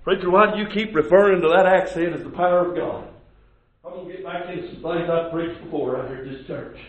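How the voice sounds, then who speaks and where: Male preacher, high-pitched chanted sermon delivery, distant mic in a very echoey church. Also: fairly even intonation, fast talker. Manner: shouts and sings out lines in a preaching cadence. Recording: roomy distant church recording.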